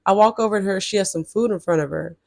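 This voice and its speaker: A woman vlogger telling a story straight to her viewers, chatty and blunt, swearing freely and jumping into high exasperated outbursts. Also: fast, creaky, a little mellow, no echo, clean studio sound. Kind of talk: casual storytelling to camera.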